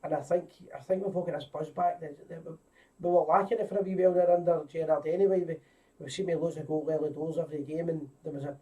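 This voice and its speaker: A man's voice: on the high side, warm tone, recorded from a distance, rough recording. A middle-aged Scottish man hosting a live fan show in casual chat, greeting viewers by name and rambling with restarts.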